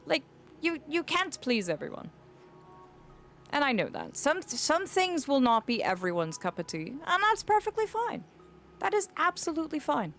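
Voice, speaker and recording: A woman's voice: high voice, very animated, normal speed, a bit bright, soft background music. A woman streaming a game, chatting casually and rambling to her viewers with endearments. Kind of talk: casual live-stream chat.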